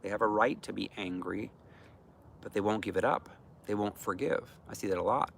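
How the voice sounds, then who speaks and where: A man's voice: lowish voice, moderate pace, creaky, slight background noise. A man giving an informal, earnest teaching talk on healing, speaking conversationally with many fillers. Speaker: deliverance minister.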